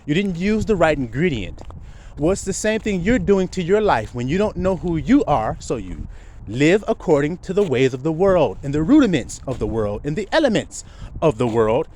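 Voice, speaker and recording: Guy preaching off the cuff, voice jumps all over, slightly high, faint noise behind. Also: very animated, moderate pace. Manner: rhetorical questions, swings from low mutter to loud emphatic outbursts, swears. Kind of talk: informal preaching monologue.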